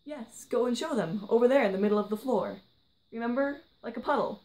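A woman reading the lines of a kind, worried man who looks after a gifted girl, softly and gently. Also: on the high side, fairly quick, pitched above the performer's own voice, close to an everyday voice, poor audio. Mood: gentle. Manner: soft, gentle, hushed delivery.

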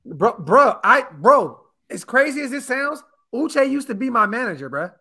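Brief: male stream host, high and sharp-toned, excitable, laid-back chat. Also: normal speed, husky. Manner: excitable, laughing, calls people bro. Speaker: podcast host. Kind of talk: casual late-night live stream chat.

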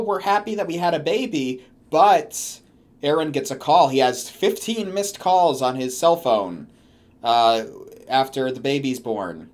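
A man giving comedic commentary on a story he is reading along with, sarcastic and swearing as he mocks it. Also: medium pitch. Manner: sarcastic, swearing, mocking rants. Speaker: commentary host.

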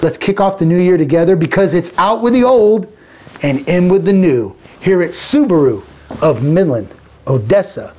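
A man pitching used cars at a dealership lot, with hyped, rapid price countdowns. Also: animated, dark tone. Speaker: car dealership salesman. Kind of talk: energetic sales pitch.

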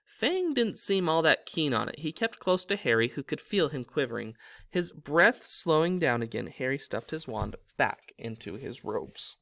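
A man's voice: fairly high pitch, sing-song, moderate pace, vocal fry, a bit bright, no echo, clean studio sound. A man reading a novel aloud as a storyteller, with small slips that he corrects himself. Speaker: reader.

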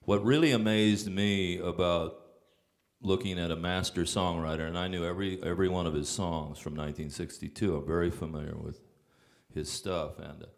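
A man's voice: low-pitched, steady tone, normal speed, creaky. A man, a songwriter, telling casual rambling stories on stage with frequent fillers and restarts. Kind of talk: casual anecdotal storytelling.

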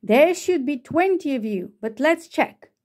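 A woman voicing a brisk, orderly male teacher who counts children aloud in a storybook read-aloud. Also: high-pitched, expressive, a little mellow.

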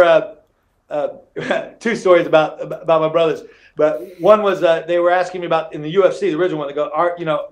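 A middle-aged former fighter, a podcast guest, telling stories in casual chat, animated and laughing through his anecdotes, with many restarts. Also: a little high. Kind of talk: casual storytelling interview.

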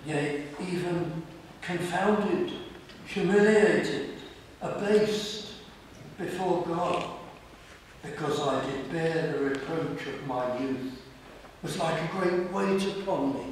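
A man's voice: mid-range voice, a little hiss or hum. A man preaching a fervent sermon, rising into emphatic appeals to his listeners. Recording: echoey hall from far off.

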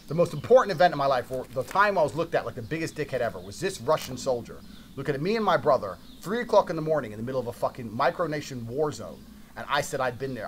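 Brash storyteller, British man, rapid-fire profane delivery, faint hiss behind. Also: medium pitch. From Britain. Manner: brash, swearing, emphatic. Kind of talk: profane anecdote telling.

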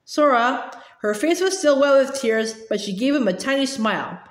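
A woman reading a novel aloud as narrator, steady with small slips and restarts. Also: high-pitched, normal speed, reverberant. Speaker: audiobook reader.

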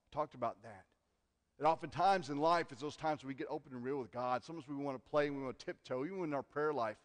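A man preaching a sermon as pastor, earnest, moving from loud emphasis to hushed asides. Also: medium pitch, fast talker. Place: church sanctuary. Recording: long church hall reverb.

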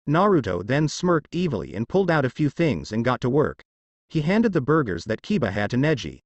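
A man's voice: mid-range voice, very animated, moderate pace, no room sound. A man reading fan fiction aloud as narrator, stumbling over words now and then.

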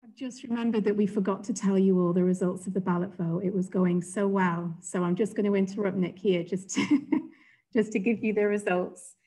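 Woman breaking in to announce vote results online, mid-pitched, quick and friendly. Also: steady tone, mellow, breathy edge, low-quality recording. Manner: brisk, friendly, with light fillers. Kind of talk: meeting announcement.

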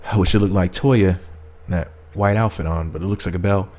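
A man with a fairly low voice gives casual celebrity gossip commentary. He jokes around and talks straight to his viewers in a playful, easygoing manner. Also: steady tone, brisk, a little mellow.

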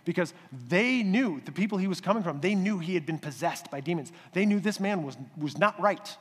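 A male pastor giving a conversational, animated sermon in a church sanctuary. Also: high-pitched, brisk, few pauses, slightly rough, in a large hall.

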